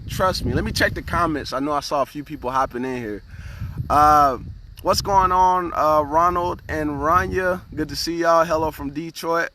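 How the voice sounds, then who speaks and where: A man's voice: on the high side, bright, forceful tone, a little hiss or hum. A man hosting a casual motivational live stream, speaking earnestly, repeating words and often asking "right?" as he greets viewers by name.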